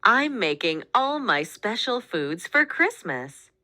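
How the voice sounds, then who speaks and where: A woman's voice: medium pitch, big pitch swings, slow, sharp tone, pitched above the performer's own voice, heavily acted. A woman voicing a doting older grandmother in a storybook, with a heavy Italian accent. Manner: affectionate, proud.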